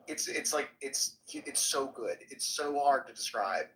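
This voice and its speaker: A man's voice: mid-range voice, normal speed, few pauses, low-quality recording. A man in a casual podcast chat, eagerly telling a story and stumbling over his words. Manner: excited storytelling, stumbling restarts.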